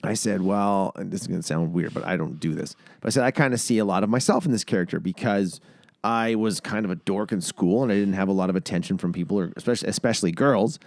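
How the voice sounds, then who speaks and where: A man's voice: deep voice, fast, vocal fry, no room sound. A man in his thirties co-hosting a casual podcast, telling stories with acted-out voices and plenty of swearing. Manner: animated storyteller, acts out voices, swears freely. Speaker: podcast co-host. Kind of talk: casual chat.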